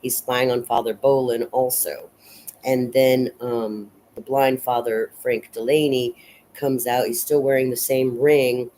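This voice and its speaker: A woman casually recapping and analyzing a film in a rambling, unhurried way, full of fillers and restarts. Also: very deep voice, fairly even intonation, mellow, a little hiss or hum, low-quality recording. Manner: unhurried and reflective. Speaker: film reviewer.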